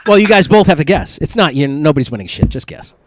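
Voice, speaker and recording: Male comedy podcast host, playful and profane, higher voice with a lively swing. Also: fast, a little hiss or hum. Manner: playful, swears freely, runs a game. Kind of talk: casual comedy chat.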